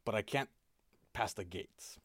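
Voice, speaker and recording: Guy doing a dry condescending spy watchman, lowish voice, no room sound. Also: measured pace, a bit bright, breathy edge, no echo. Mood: explaining. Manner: dry, long-winded, condescending. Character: secretive, sardonic male spymaster watchman.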